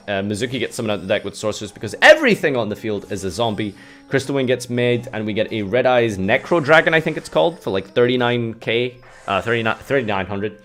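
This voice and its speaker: A man's voice: on the low side, expressive, brisk, a bit bright, faint music behind. A man hosting a casual commentary video, talking in a sarcastic, self-mocking way. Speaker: YouTube host.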